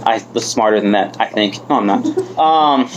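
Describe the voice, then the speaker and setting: A man's voice: lowish voice, normal speed, dull audio, a crowd in the background. Candid, self-mocking man in his thirties. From United States. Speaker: speaker sharing his story at a recovery meeting. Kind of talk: personal testimony.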